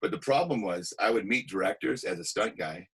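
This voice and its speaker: A man with a husky, fairly low voice tells anecdotes from his career as an actor and stuntman. He talks casually and with energy, slipping into the voices of the people he quotes. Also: a little fast, low-quality recording. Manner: animated anecdotes with acted-out quotes. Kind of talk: casual interview storytelling.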